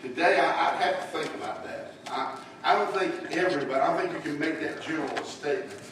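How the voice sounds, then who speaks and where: A man's voice: fairly high pitch, fast talker, a bit bright. A man teaching a church Bible lesson in a folksy way, putting questions to his class. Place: church room. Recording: echoey room, voice from far off, faint hiss.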